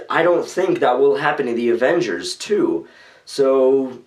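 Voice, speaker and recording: A young man from the United States rambling casually in his own video blog, with loose phrasing and lots of fillers. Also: medium pitch. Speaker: vlogger. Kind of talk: casual vlog commentary.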